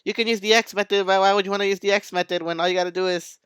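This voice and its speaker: A man's voice: sits high, steady tone, rapid-fire, fairly bright tone, clean tone, no echo. A man teaching math in a video lesson, hyped and playful, talking straight to his students.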